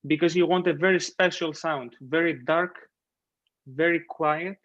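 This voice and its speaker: A man's voice: fairly high pitch, fairly even intonation, measured pace. Encouraging man coaching piano over a call. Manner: gentle, encouraging, sings phrases and counts beats aloud. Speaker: piano teacher. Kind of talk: online masterclass coaching. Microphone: video call. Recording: muffled video call with piano.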